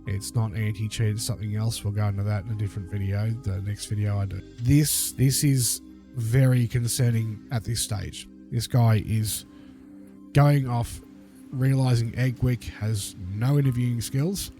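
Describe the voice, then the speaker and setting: A man's voice: lowish voice, fairly even intonation, moderate pace, warm tone, soft background music. A man giving critical commentary over a video clip, lecturing and emphatic, repeating his points.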